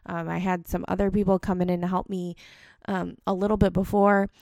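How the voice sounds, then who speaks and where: A young woman with a gravelly, creaky voice, recorded close and dry with no room sound. She tells a personal story in a loose, rambling way. She is candid and laughs at her own faults as a mom. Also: lowish voice, flat delivery, brisk, a little mellow, no room sound, dull audio. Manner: rambling, candid, self-deprecating. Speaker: mom vlogger.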